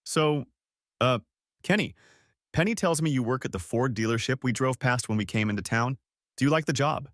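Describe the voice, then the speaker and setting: A man's voice: mid-range voice, normal speed, a bit bright, dry recording, clean studio sound, natural voice. A man voicing an awkward, apologetic young man who stammers as he tries to fit in. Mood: nervous.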